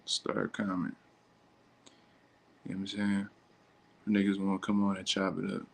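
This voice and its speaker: A man's voice: deep voice, completely flat delivery, normal speed, creaky. A man hosting a casual livestream who reacts to viewer comments in blunt, slangy, profane talk. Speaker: livestream host.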